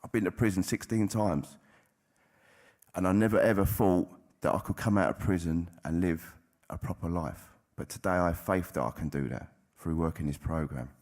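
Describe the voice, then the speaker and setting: A very deep, low-pitched male voice tells his story to an audience. His delivery is plain-spoken and frank, with casual swearing. It has the candid tone of a personal testimony. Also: moderate pace, a little mellow. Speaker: recovering addict sharing at a convention.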